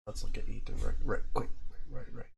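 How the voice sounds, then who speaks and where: A man hosting a casual livestream, talking excitably to his chat and swearing freely as he reacts to what he sees. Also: medium pitch, fairly quick, creaky, a little hiss or hum. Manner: profane, excitable, talks to chat. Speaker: livestream host. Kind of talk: casual live-stream commentary on crypto charts.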